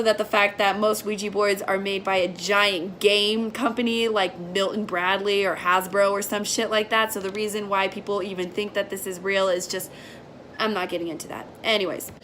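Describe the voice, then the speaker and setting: A young woman in her twenties giving a sarcastic, profane comedic movie review, often mocking the characters in shrill voices. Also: fairly bright tone, a little hiss or hum. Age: young adult.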